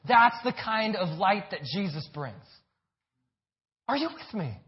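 In a dull, lo-fi recording, a high-voiced pastor preaches in an earnest, emphatic, sing-song manner. He takes his time, repeating his words as he drives home every point.

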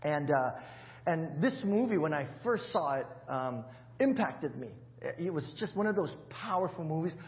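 A man's voice: fairly high pitch, lively intonation, moderate pace, dull audio. A man preaching a sermon in a church, in a chatty, joking way with many restarts. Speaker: pastor.

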